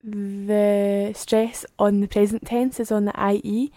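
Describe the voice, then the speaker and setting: A woman's voice: medium pitch, flat delivery, slow, mellow, dry recording, studio quality. A woman answering carefully as a student in a language lesson.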